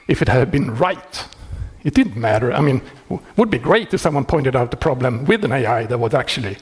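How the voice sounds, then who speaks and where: Software maintainer, male, husky timbre, casual talk, amused, chuckles a lot, frequent restarts. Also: a little high. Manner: wry and animated, laughing often, many restarts.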